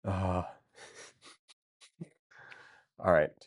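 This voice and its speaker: A woman chatting casually with her viewers on a live stream, excitable and playful, talking straight to chat. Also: extremely low pitch, drawn-out words. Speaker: livestreamer.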